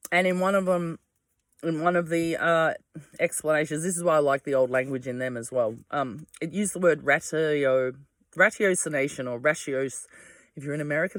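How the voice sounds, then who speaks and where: Medium in pitch and fairly bright, the voice comes through at studio quality without any room sound. It belongs to an Australian vlogger chatting at home in a candlelit blackout, rambling from tangent to tangent and cursing casually.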